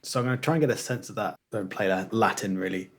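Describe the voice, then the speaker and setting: A man hosting a podcast, relaxed as he sums up his guest's story. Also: on the low side, fast, husky. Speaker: podcast host. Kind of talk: casual chat.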